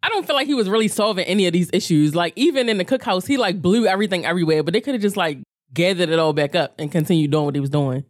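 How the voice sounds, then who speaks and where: A podcast panelist chimes in with dry remarks about a movie's plot holes. The delivery is brisk and quick, and the sound is dry and close to the mic. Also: mid-range voice, expressive, no echo. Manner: wry, points out plot holes. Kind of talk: casual movie discussion.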